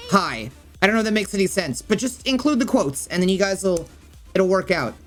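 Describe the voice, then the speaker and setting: A woman's voice: medium pitch, animated, fairly quick, faint music behind. A woman streamer walking viewers through game settings in a rambling, casual way, often thinking aloud with fillers. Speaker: gaming streamer and YouTuber.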